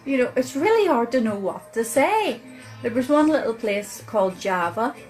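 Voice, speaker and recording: A woman with a Northern Irish accent, telling a chatty personal story to camera as a vlogger, with many pauses and fillers. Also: fairly high pitch, sing-song, a little mellow, faint music behind, rough recording. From Northern Ireland.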